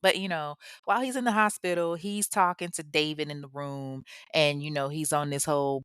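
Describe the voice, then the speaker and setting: Woman podcast host, casual true-crime storytelling, slangy, animated, low-pitched, dry. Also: a little fast, few pauses, clear, resonant tone, no echo. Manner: slangy, chatty, animated retelling.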